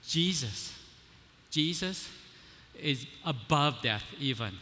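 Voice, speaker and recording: Man, preacher, sermon, conversational, emphatic, bright voice, long hall reverb. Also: a little high, lively intonation, normal speed, a little hiss or hum. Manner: conversational, often checking in with "right?"; emphatic, building to loud declarations.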